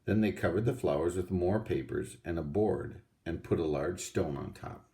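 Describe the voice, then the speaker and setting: Deep, gravelly man reading a storybook. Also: moderate pace, dark tone. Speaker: audiobook reader. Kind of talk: storybook read-aloud.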